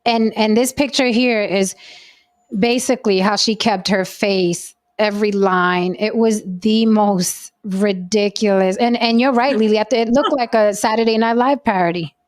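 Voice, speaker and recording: A woman's voice: mid-range voice, unhurried. A woman hosting a casual chat show, talking bluntly, giving strong opinions and swearing casually. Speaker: podcast host.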